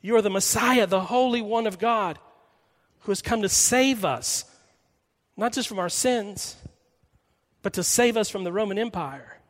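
A man's voice: sits high, moderate pace, fairly bright tone. A man voicing an impassioned young male disciple in a sermon, speaking urgently and insistently. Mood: fervent. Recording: long hall reverb.

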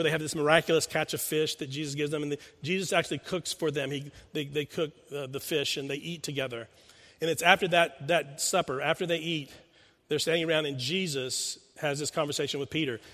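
A man's voice: on the high side, a bit bright. Guy preaching in church, earnest storytelling, big echoey hall. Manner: earnest storytelling, asks the listeners questions. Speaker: pastor. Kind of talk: sermon. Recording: long hall reverb.

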